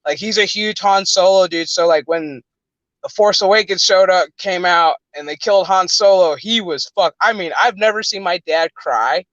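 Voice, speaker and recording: A man's voice: high-pitched, moderate pace, fairly bright tone, no echo, dull audio. A man chatting casually as a co-host, telling crude stories with lots of swearing and laughter. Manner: profane, laughing storyteller. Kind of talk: casual chat.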